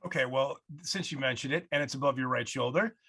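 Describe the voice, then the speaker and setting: A man's voice: medium pitch, brisk, fairly bright tone, breathy edge. A man hosting a casual interview over a video call, prompting his guest with friendly questions. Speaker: host.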